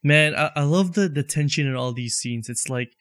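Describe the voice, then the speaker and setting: A man's voice: fairly high pitch, moderate pace, fairly bright tone, dry recording, studio quality. A man chatting casually while watching a movie, laughing often and rambling with many restarts. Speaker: movie watch-along co-host. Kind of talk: casual chat.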